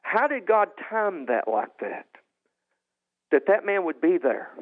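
Excited man telling his testimony, tinny. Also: slow. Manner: rises high and loud when reliving moments, repeats and restarts. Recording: tinny phone-like sound.

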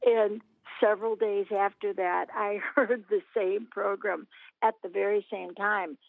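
A woman's voice: mid-range voice, fairly even intonation, unhurried, gravelly, no room sound, narrow, tinny audio. A woman in her eighties from Missouri, telling her faith testimony as an interview guest in an earnest storytelling way. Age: 80s. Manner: earnest storyteller, acts out quoted voices.

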